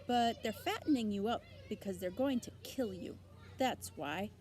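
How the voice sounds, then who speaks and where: A woman's voice: a little high, animated, moderate pace, a little mellow, slight background noise, natural voice. A woman voicing a blunt, gossipy old female sheep who delivers grim news matter-of-factly. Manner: blunt, matter-of-fact, tart.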